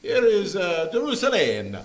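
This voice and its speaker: A man's voice: sits high, huge pitch swings, unhurried, low-quality recording. A man leading a Bible study group, teaching from a map in a playful, joking way. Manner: jokey and playful, often laughing. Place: church meeting room.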